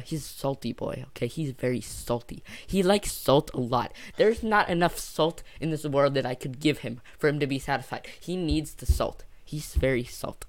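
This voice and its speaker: A young man telling a casual storytime for his channel, rambling and jokey, often trailing off and circling back. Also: mid-range voice. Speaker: YouTuber.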